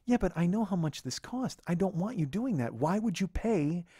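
A man quoting a doubtful, quiet girlfriend. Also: high-pitched, moderate pace, breathy edge, no room sound, studio quality. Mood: skeptical. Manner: quiet, doubtful, flatly questioning. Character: exasperated, skeptical girlfriend, adult woman.

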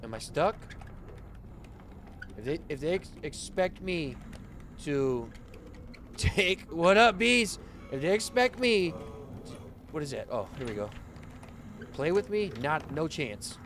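A man's voice: a little high, sing-song, takes it slowly, pauses often, a bit bright, a little hiss or hum. Panicky swearing male streamer. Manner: panicky, swearing, frantic outbursts. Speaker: game streamer. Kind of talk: live horror game commentary.

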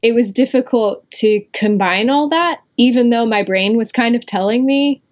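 Telling her own story as a podcast guest, a woman speaks candidly and reflectively with frequent fillers, restarts and self-corrections. Her fairly high voice moves at normal speed with few pauses, on dull lo-fi audio.

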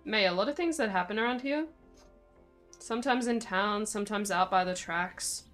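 A woman's voice: mid-range voice, normal speed, fairly bright tone, faint music behind, close to an everyday voice. A woman voicing a stern small-town female police officer in a game, speaking in a cold, warning way. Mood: lecturing.

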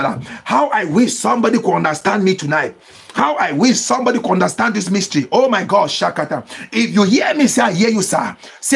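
Fervent gravelly-voiced preacher man. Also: high-pitched. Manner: preaching with call-and-response and bursts of tongues. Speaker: pastor. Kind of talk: impassioned sermon with speaking in tongues.

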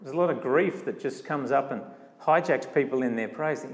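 A man preaching a sermon in a church, animated, acting out quoted voices with big swings in tone. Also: mid-range voice, fairly quick. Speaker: pastor. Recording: long church hall reverb.

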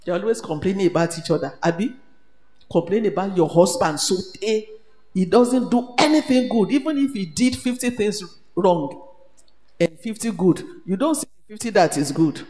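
Nigerian woman preacher, animated sermon, echoey hall, long reverb. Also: medium pitch, moderate pace. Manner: animated, switches between English, Pidgin and Yoruba. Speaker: retreat speaker.

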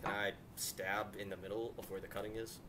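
A young man playing a tabletop game, chatting casually and often muttering low-key asides. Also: level tone, a little fast, sharp tone. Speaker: player. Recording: noisy home recording with clicks.

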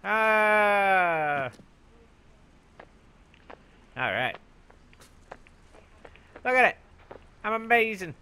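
A young man commentating his own gameplay, bragging goofily about being a genius and yelling for help in mock panic. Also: fairly high pitch, normal speed, long pauses, a little hiss or hum. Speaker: gaming YouTuber. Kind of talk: let's play commentary.

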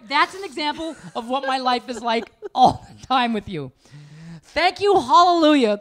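A man's voice: very high voice, a bit bright, slight background noise. A man co-hosting a casual chat, emphatic and exasperated, mimicking his partner as he makes his point. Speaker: podcast co-host.

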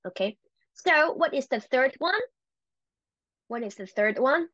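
A woman teaching a Chinese language lesson, encouraging and repeating words slowly for learners. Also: a little high, expressive, a bit bright, dry recording, muffled recording.

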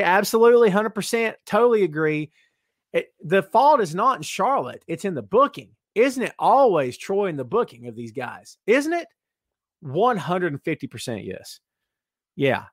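A man's voice: fairly high pitch, dry recording, clean studio sound. A man hosting a podcast in a casual live-stream chat, reading viewer comments aloud and joking straight to the chat. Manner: excitable, jokey, talks straight to the chat. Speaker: podcast host.

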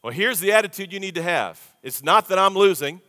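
Folksy pastor in a big echoing church. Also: male voice, high voice, lively intonation, brisk, pushed and bright. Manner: folksy, conversational preaching with audience call-and-response. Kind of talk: sermon. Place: large church sanctuary. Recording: long reverb of a big church hall.

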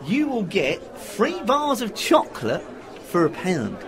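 A man's voice: sits high, wildly swooping pitch, unhurried, crowd noise, full character voice. A man playing a dim, cheery shop assistant in a radio comedy, dithering and easily confused. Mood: chirpy. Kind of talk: amateur radio comedy acting.

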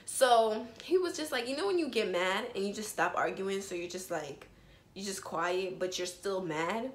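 A woman's voice: mid-range voice, normal speed, a little hiss or hum. Chatty young woman in an echoey room. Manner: animated, slangy, lots of "like" and "bro". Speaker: vlogger telling a personal story. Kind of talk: casual storytime chat to camera.

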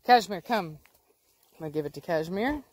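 A woman hosting a casual dog vlog outdoors. She explains training in a chatty way and switches to coaxing baby talk and sharp commands for her dogs. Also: lowish voice, lively intonation, normal speed. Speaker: dog breeder and channel host.

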